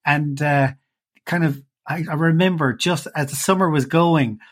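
A man's voice: on the high side, moderate pace. A man hosting a podcast, who chats in an easygoing way and tells stories about his own life. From Ireland. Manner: easygoing, storytelling. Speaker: podcast host. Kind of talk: casual chat.

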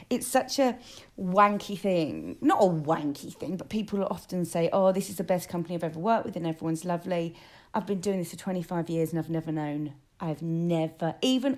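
Woman, forties, stage actress, effusive chatter. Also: lowish voice. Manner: gushing, excitable storytelling. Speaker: West End musical actress, guest. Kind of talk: casual chat.

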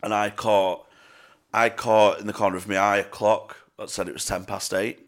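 Gravelly man telling stories. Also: lowish voice, flat delivery, normal speed. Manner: laughing storyteller, swears freely. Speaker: podcast co-host. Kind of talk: casual chat.

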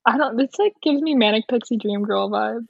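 Young woman guest, higher voice, husky, chatty with many "like"s; dull dry recording. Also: brisk, no echo. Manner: chatty, leans on "like". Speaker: podcast guest. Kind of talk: casual chat.

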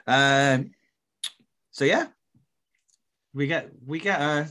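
A man's voice: fairly high pitch, very slow, pushed and bright. A man co-hosting a casual podcast chat, retelling a TV episode and laughing often. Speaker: podcast co-host recapping a TV episode.

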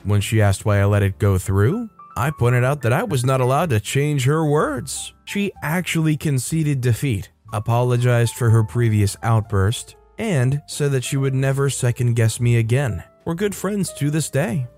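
A man's voice: mid-range voice, expressive, normal speed, hardly any pauses, a little mellow, faint music behind. A man hosting a storytelling channel, narrating in a conversational way and speaking to his audience. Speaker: host narrator.

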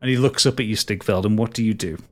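A man's voice: on the low side, quick pace. A man narrating a tabletop game as game master, vivid and dramatic, with frequent restarts.

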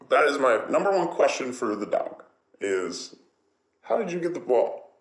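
A man rambling casually and jokingly in a relaxed monologue, swearing now and then. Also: mid-range voice, moderate pace. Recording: roomy echo.

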